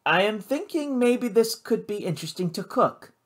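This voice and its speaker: An eccentric middle-aged male ship's chef, put on by an audiobook reader, speaking slowly and deliberately. His phrasing is oddly formal, and every word lands with cheerful strangeness. The pitch sits close to the reader's own lively voice. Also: close to an everyday voice. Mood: amused. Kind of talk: audiobook character voice.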